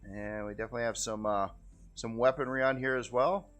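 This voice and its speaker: A man's voice: mid-range voice, fairly even intonation, fairly quick, a bit bright, soft background music. A man giving casual, rambling gameplay commentary as host, easygoing and often repeating how cool things look. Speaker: game video host.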